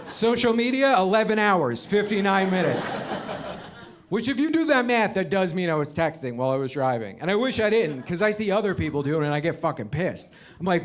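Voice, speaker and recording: A man in his thirties doing a profane stand-up comedy set, acting out characters in an animated way. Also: sits high. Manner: animated, profane, acts out voices. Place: comedy show with live audience.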